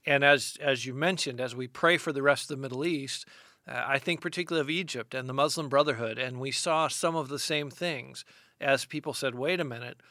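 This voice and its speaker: Male host, bright forward voice, earnest interviewer. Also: mid-range voice, fairly quick, no room sound. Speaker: radio show host. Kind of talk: radio interview.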